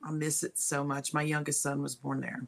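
A woman's voice: deep voice, little pitch movement, normal speed, gravelly. A woman veteran chatting enthusiastically as a guest in a casual talk. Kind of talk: casual chat on a live stream.

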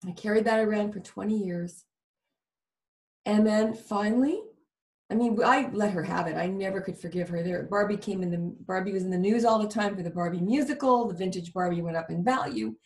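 A woman's voice: mid-range voice, fairly quick, a little mellow. A woman guest earnestly telling a personal story in a conversation. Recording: roomy, distant sound.

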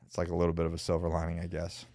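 A man with a very deep voice, chatting casually as a podcast host. He talks loosely with fillers and restarts. The sound is dry and close. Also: completely flat delivery, rapid-fire, dark tone, dry recording. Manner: conversational, with many fillers and restarts. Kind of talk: casual chat.

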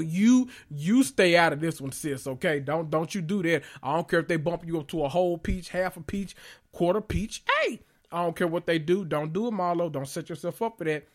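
A man hosting a podcast, giving sassy, blunt commentary with dramatic emphasis. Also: on the high side. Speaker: podcast host. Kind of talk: casual pop-culture commentary podcast.

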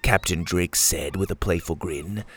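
A man narrating a children's adventure story in a slow, expressive way. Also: deep voice, husky.

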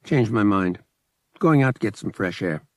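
A man's voice: fairly low pitch, lively intonation, normal speed, dry recording, studio quality, natural voice. A man voicing a smug, impatient young male pilot who speaks in short, clipped lines. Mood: curt. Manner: curt, impatient.

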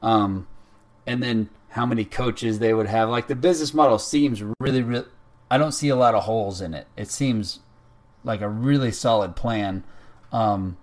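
A man chatting casually, relaxed, thinking aloud with fillers. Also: lowish voice, normal speed. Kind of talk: casual podcast chat.

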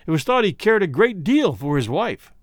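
An unruffled, ironic husband, read by a male narrator, speaking with measured, courteous calm. The voice sits a touch high with lively intonation, recorded close and dry. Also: no echo. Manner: calm, measured, dryly polite. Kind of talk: audiobook reading.

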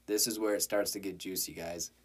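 A young man with a Colorado accent hosting a podcast, cracking crude jokes and bursting out loudly in casual banter. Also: sits low, fairly even intonation, fairly quick, slightly rough. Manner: crude, joking, loud outbursts. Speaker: podcast host.

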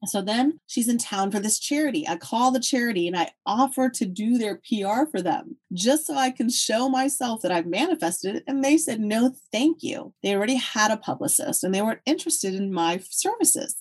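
A middle-aged woman, a podcast guest, telling her own life story in an animated, vivid way. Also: medium pitch, a little fast, hardly any pauses, slightly rough. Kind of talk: personal storytelling.

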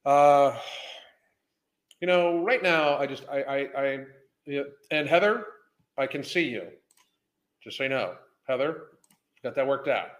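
A man's voice: mid-range voice, a little slow, long pauses. A man hosting a casual livestream as a health coach, rambling, swearing and greeting viewers by name.

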